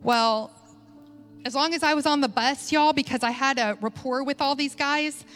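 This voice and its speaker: A woman's voice: high-pitched, moderate pace, a bit bright. A woman speaking to a congregation, telling a personal story in a chatty, conversational way with many fillers and restarts. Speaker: church speaker. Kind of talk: sermon storytelling. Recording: faint music behind.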